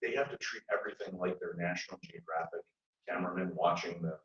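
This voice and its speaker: A man on a paranormal TV show telling a story to a convention audience in a jokey, animated way. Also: low voice, fast talker. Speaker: paranormal TV show cast member, convention panelist. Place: large convention hall. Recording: echoey hall, distant mic, dull sound.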